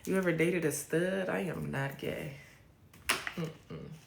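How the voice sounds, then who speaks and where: A young adult woman hosting a casual live stream, answering viewer comments in a blunt, profane, sassy way with drawn-out repeats. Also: deep voice, creaky, background noise. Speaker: livestream host. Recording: roomy echo.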